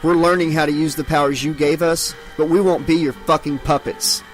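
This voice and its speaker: A man's voice: a little high, fairly even intonation, brisk, soft background music, natural voice, low-quality recording. A man voicing an angry, defiant teenage boy who snarls his words in a storybook reading.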